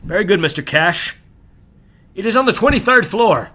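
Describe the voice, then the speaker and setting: A man's voice: high voice, expressive, moderate pace, pushed and bright, pitched above the performer's own voice, heavily acted. A man voicing a courteous young male hotel desk clerk in a novel reading.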